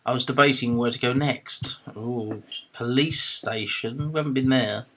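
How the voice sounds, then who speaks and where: A man's voice: medium pitch, moderate pace, pushed and bright. A man hosting a let's play, casually reading a mystery game's text aloud and restarting lines as he goes.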